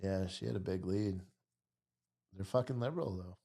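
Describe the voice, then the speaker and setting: A man's voice: low-pitched, normal speed, gravelly, warm tone. Tired, rambling man hosting a stream. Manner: rambling and profane. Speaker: live-stream host. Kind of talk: casual live-stream commentary.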